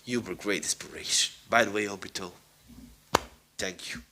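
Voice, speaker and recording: A man's voice: lowish voice, fairly even intonation, moderate pace, bright, forceful tone. A man voicing a brash young male ninja in a fan story he reads aloud, boastful and casual.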